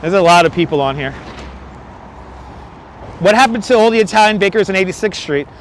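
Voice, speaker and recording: In an animated, high-pitched voice at a fairly quick clip, a man chats casually on a live walking stream, joking and reading viewer comments aloud. The wireless lapel mic picks up wind on the city bridge, plus traffic and passing subway trains.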